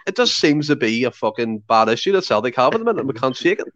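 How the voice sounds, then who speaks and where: A man's voice: mid-range voice, sing-song, fast, fairly bright tone, highs cut off. A man chatting as a podcast guest, blunt and swearing freely. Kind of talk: casual chat.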